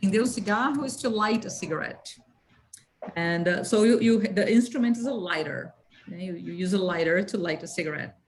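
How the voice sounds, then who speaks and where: A woman's voice: medium pitch, low-quality recording. Woman teaching English patiently. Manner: patient, explains slowly and checks for understanding.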